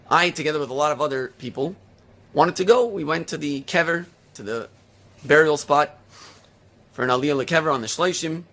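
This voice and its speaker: A male rabbi preaching a sermon, firing off rhetorical questions and retelling a story with lively emphasis. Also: medium pitch.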